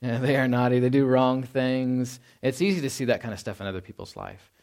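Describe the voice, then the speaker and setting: This middle-aged pastor from Texas preaches briskly, with some vocal fry, in a conversational manner. "Right?" comes up often, and he voices quoted lines in a quiet, low register.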